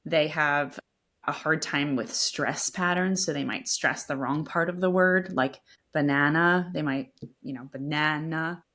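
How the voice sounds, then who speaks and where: A woman's voice: deep voice, measured pace, a bit bright. A woman speech-language pathologist, a podcast guest, explaining her methods at length and restarting sentences with repeated words. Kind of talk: expert explaining in a podcast interview.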